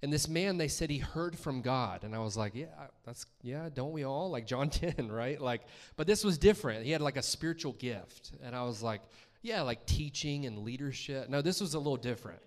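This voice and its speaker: A man preaches a personal testimony, chatty and storytelling, voicing his own reactions. His mid-pitched voice rings with the long reverb of a church hall. The tone stays conversational rather than formal. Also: lively intonation, fairly quick. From Columbus, Georgia, US. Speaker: guest preacher. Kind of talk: testimony sermon. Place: church sanctuary.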